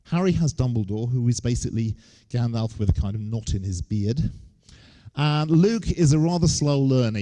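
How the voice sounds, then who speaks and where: A man's voice: mid-range voice, warm tone. A man, giving a humorous lecture on stage with wry, joking asides. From England.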